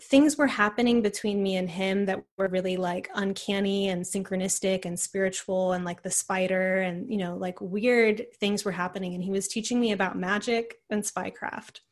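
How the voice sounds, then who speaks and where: A woman's voice: mid-range voice, steady tone, normal speed, few pauses. A young woman, a podcast guest, telling a personal story in a rambling way full of "like" and "you know". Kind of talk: casual conversational storytelling.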